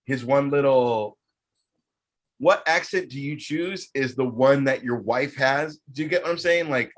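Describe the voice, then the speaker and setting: A man chatting on a casual podcast, excitable and swearing constantly. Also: mid-range voice, measured pace.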